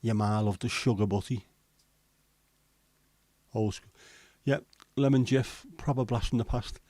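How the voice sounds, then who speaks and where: A middle-aged man, hosting a relaxed livestream and chatting with viewers in a jokey, rambling way. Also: medium pitch, a little slow, no echo. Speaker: livestream host. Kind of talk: casual chat reading viewer comments.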